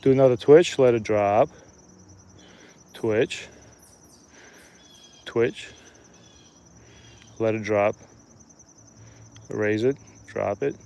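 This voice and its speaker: A man's voice: fairly low pitch, extremely slow, gravelly, long pauses, mellow. Joking fisherman live-streaming by a lake. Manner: chatty, joking and upbeat. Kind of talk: casual live-stream chat. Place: outdoors by a lake.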